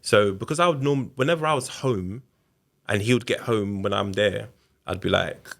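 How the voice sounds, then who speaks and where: A man with a low, gravelly voice talks candidly as a podcast guest. He tells a personal story in an easy, conversational way and slips into other people's words as he recalls them. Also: normal speed, fairly bright tone. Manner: candid, conversational, re-enacts quotes. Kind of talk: casual storytelling interview.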